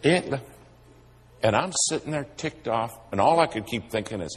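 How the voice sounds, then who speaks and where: A man's voice: medium pitch, expressive, moderate pace. A male preacher, telling a humorous story in a sermon.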